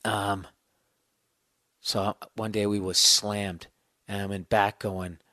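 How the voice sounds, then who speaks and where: A middle-aged man with a very deep voice rants through a comic podcast monologue, swearing freely and dripping with sarcasm. The sound is close and completely dry, with no room echo. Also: level tone, slow pace, bright, forceful tone. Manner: profane, ranting, sarcastic storyteller. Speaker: podcast host.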